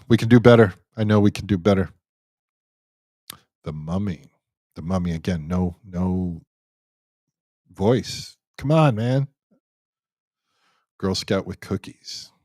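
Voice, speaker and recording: This man has a deep, darkish voice, captured dry. He runs a live Q&A stream in a rambling, joking way, reading out viewer comments and restarting himself often.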